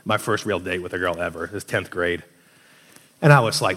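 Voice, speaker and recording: A man's voice: low-pitched, fairly quick. A young man giving casual relationship advice, telling stories and acting out the voices of people he quotes. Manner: animated storyteller, acts out quoted voices. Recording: long hall reverb.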